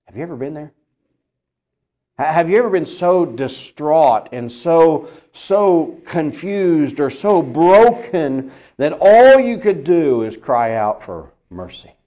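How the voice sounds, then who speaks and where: A man preaching a sermon lesson, earnest and emphatic, asking his listeners rhetorical questions and swinging between loud peaks and quiet lines. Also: a little high, sing-song, slow pace. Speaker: pastor.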